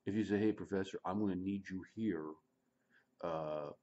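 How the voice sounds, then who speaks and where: A middle-aged man from the United States giving a rambling, animated opinion monologue, repeating words and acting out quotes. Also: sits low, normal speed, dull audio. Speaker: vlogger.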